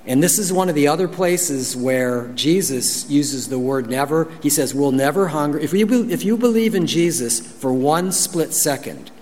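Male pastor, sermon, animated, slightly high voice, long hall reverb. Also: normal speed, hardly any pauses. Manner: animated, acts out quotes in high voices, laughs. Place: church.

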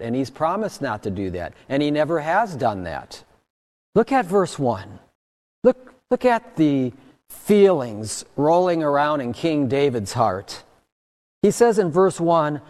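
A man preaching a sermon as pastor, earnest and deliberate, rising in pitch and volume on key points. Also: a little mellow, in a large hall.

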